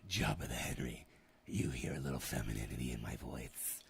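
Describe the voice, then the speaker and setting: A man voicing a sassy, campy, indignant man who speaks in a mocking, drawn-out, fussy way. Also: extremely low pitch, expressive, creaky, a little hiss or hum, pitched below the performer's own voice, exaggerated voice.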